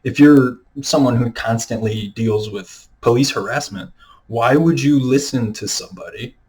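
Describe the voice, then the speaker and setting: A man talks straight into his own camera in a loose, unscripted rant. His voice sits at an ordinary middle pitch, and he circles his points with constant fillers and restarts. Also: moderate pace, a little mellow, rough recording. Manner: rambling, many fillers and restarts. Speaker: video creator. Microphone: camera mic, self-filmed.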